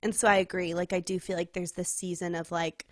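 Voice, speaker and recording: A young woman from California tells a personal story on a podcast in a casual, heartfelt way. She leans on "like" and laughs often as she talks. Her voice sits a little low, and the sound is dry and close. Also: flat delivery, fairly quick, no echo. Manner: chatty storytelling, heavy use of "like", laughs often. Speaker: podcast co-host.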